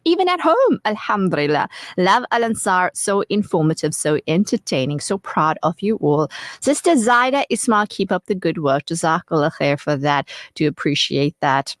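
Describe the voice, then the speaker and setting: A woman hosting a casual radio interview from a studio, reading listener messages aloud with lively emphasis. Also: deep voice, moderate pace, no room sound. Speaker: radio show host.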